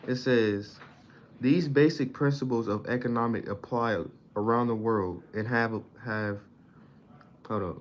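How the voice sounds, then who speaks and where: In a casual study session, a self-taught reader with a fairly low voice reads a book aloud haltingly. He stumbles over words and pauses to explain them in plain slang. The audio is dull and lo-fi with faint background noise.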